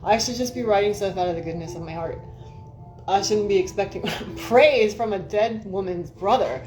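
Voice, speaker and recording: Casual woman streamer, middle-pitched, rambling and profane, chats to viewers by name over faint music. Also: normal speed, darkish tone. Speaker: livestream host. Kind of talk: casual livestream chat and storytelling.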